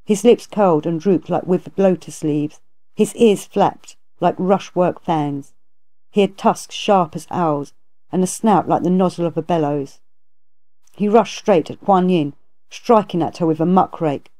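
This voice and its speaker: A woman narrating a classic novel aloud in a measured, even way. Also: on the low side. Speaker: audiobook narrator. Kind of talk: storybook narration.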